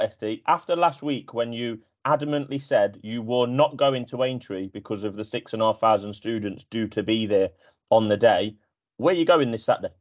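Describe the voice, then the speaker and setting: A man hosting a casual horse racing chat, brisk and teasing as he moves the talk along. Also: lowish voice, highs cut off. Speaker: host.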